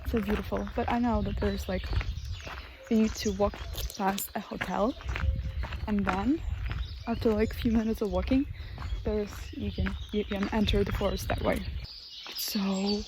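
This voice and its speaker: 18-year-old woman, rambling solo vlogger on a handheld phone, soft faint birdsong behind. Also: medium pitch, steady tone, unhurried, pauses often, noisy background. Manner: rambling, hesitant, drops to a whisper at times. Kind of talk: casual chat. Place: outdoors in a forest.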